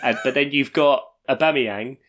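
A man's voice: mid-range voice, normal speed, fairly bright tone. A man co-hosting a casual football podcast, joking and wry as he chats. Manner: jokey, wry, playful. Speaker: podcast co-host.

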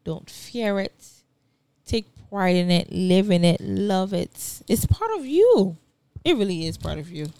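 A young woman co-hosting a podcast, chatting casually and bantering, animated and quick to argue and laugh. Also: on the low side, gravelly, smooth, no room sound. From Nigerian heritage, raised in Rhode Island. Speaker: podcast co-host. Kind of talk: casual chat.

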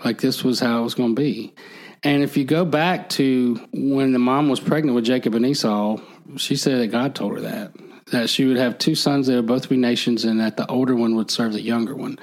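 A man's voice: medium pitch, fairly even intonation, a little fast, poor audio. Man retelling a story, acting out voices. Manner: acts out the characters' lines with a raised voice; laughs easily while telling. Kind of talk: casual chat.

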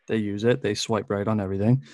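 A man's voice: on the low side, steady tone, fast talker, darkish tone, no echo. Young man, twenties, rambling storyteller, dry close sound, laughs a lot. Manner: rambling, fills speech with "like", laughs often. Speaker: podcast co-host telling a story. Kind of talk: casual storytelling chat.

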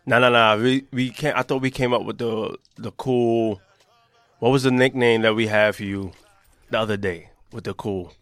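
A man's voice: mid-range voice, fairly even intonation, normal speed, a bit bright, dry recording. A man hosting a casual podcast, talking in a loose, rambling way. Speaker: podcast host.

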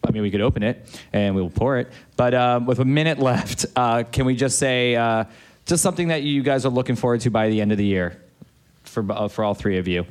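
A man's voice: medium pitch, brisk. Playful male podcast host. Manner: playful, teasing. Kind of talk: casual podcast chat.

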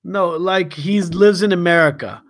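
A man co-hosting a podcast, improvising a rambling comic story, laughing often and slipping into quick silly impressions. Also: sits high, no echo. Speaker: podcast co-host.

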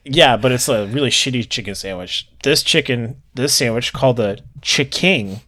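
A man's voice: medium pitch, normal speed, bright, forceful tone. A man co-hosting a casual podcast, joking and reading items aloud in a mock-promotional way. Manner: joking, reads product details in a mock-promo way. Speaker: podcast co-host. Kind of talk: casual chat.

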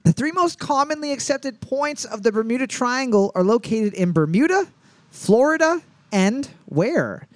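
A man with a high voice hosts a casual trivia session. He reads each question slowly and twice, then trades jokes. The sound is close and dry, with no room around it. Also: big pitch swings, no room sound. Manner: joking, reads questions twice, slows down to read. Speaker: quiz host. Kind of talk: casual comedic trivia chat.

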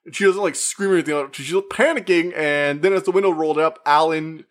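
A man giving a casual, rambling spoken movie review, chatty and full of fillers, who acts out the characters' lines in quick put-on voices. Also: a little high, fairly bright tone. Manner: rambling, with frequent fillers and restarts. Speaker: media reviewer.

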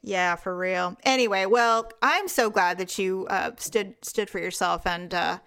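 A woman's voice: mid-range voice, measured pace, gravelly, fairly bright tone, clear, resonant tone. A woman co-hosting a podcast in casual chat, reacting with playful, jokey interjections. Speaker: podcast co-host.

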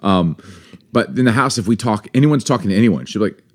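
Male co-host, 30s, casual and playful, very animated pitch. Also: fast talker. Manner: playful, laughs often, breaks into song. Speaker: podcast co-host. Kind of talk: casual chat.

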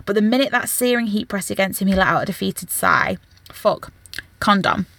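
A woman, casually recapping a novel's plot as a podcast co-host, frank and animated. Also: mid-range voice, fairly quick, vocal fry, no echo. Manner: frank, animated retelling with quoted voices. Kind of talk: casual book recap chat.

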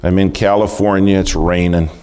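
A man's voice: low voice, flat delivery, moderate pace, a little mellow, smooth. A man preaching a sermon, telling folksy stories and asking the audience questions.

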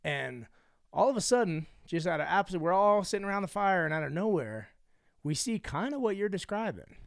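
A man co-hosting a casual chat, asking short questions and then telling his own story at a measured pace. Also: sits high, very animated, vocal fry, no echo, studio quality.

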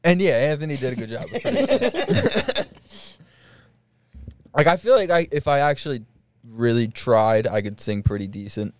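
A man's voice: medium pitch, animated, normal speed, long pauses. A young man co-hosting a podcast in casual chat, rambling through stories with lots of fillers and frequent laughter. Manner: rambling, laughs often, many fillers and restarts. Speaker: podcast co-host.

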